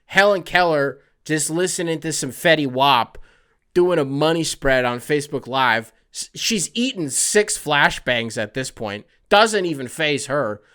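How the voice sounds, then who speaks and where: A man's voice: fairly high pitch, expressive, a little slow, a bit bright, smooth. A man hosting a comedy podcast, rambling through absurd bits and acting out voices. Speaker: podcast host. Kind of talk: comedic solo riffing.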